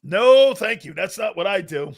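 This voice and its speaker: A man hosting a live football talk show, loud and blunt, laughing often and rambling through anecdotes with stop-start phrasing. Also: sits high, expressive, moderate pace, a little hiss or hum. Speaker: sports talk show host.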